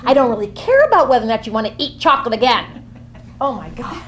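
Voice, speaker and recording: A woman's voice: a little high, animated, quick pace, a bit bright. A woman acting out a bubbly, quirky Gemini woman who jumps from topic to topic in a comic monologue. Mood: chatty. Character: chatty flighty Gemini woman, easily bored.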